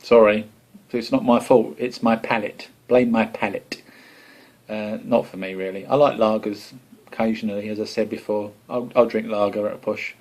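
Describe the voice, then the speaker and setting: A man's voice: fairly low pitch, steady tone, normal speed, a little mellow. A man with an Essex accent chatting casually to camera about his homebrew, rambling and self-deprecating. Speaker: homebrew vlogger.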